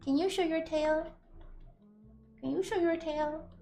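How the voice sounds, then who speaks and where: A woman's voice: very high-pitched, unhurried, dark tone, a little hiss or hum. A young woman streaming from home, chatting casually and gushing in giggly baby talk to her cats.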